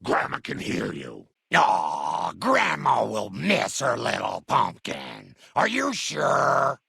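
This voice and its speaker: A man voicing a kindly, muddled old grandmother super mutant in a game dub, raspy and doting, who calls everyone dearie. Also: medium pitch, huge pitch swings, slow pace, bright, forceful tone, no echo, full character voice. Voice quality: gravelly, raspy.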